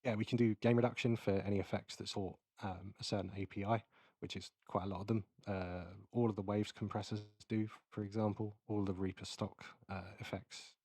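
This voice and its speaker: A man giving a casual, explanatory keynote while demonstrating audio software, with many fillers. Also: lowish voice, flat delivery, a little fast, slightly rough, no echo, studio quality. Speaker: keynote presenter. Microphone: close mic into recording software.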